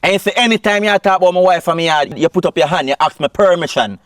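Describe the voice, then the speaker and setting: A man's voice: lowish voice, fairly quick, no room sound, natural voice. Guy playing jamaican cheating boyfriend, sweet-talks then gets bossy, dry close sound. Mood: defensive. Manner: Patois speech, swings from sweet-talk to scolding. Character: smooth-talking cheating boyfriend, bossy and defensive. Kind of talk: film drama acting.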